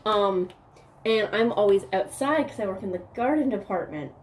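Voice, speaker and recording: A woman's voice: medium pitch, moderate pace, a little hiss or hum. A young woman from Newfoundland vlogging in a rambling, giggly casual chat, saying "like" a lot. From Newfoundland, Canada. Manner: chatty, rambling, giggly, heavy use of "like".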